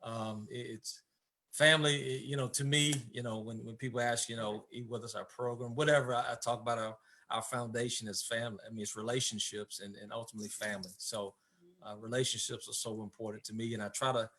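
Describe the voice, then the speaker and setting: A man who coaches, speaking as an interview guest about his marriage, halting and repeating words as he searches for his thoughts. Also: medium pitch, fairly even intonation, bright, forceful tone. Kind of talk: candid conversation about marriage.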